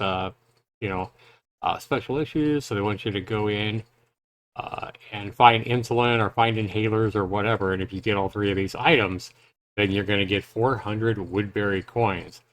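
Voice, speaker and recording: A man's voice: lowish voice, a bit bright, a little hiss or hum. A man giving casual live reaction commentary on a game trailer, thinking aloud in a loose, rambling way.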